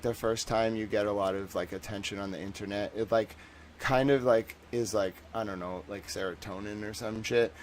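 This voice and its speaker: A young man with a lowish voice hosts a livestream, rambling casually and jokingly with plenty of fillers and little acted-out voices. The recording is rough, with slight background noise.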